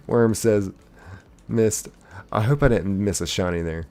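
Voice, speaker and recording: Low, dark-voiced male streamer. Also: faint music behind. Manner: reads chat messages aloud in quick succession, playful and excitable; casual, uses "y'all". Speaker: streamer reading chat. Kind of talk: live gaming stream chat.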